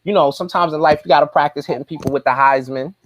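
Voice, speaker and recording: A man's voice: fairly high pitch, quick pace, very noisy. A man talking as a guest on a casual show, in a laid-back, rambling way, full of "man" and "you know". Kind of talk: casual chat.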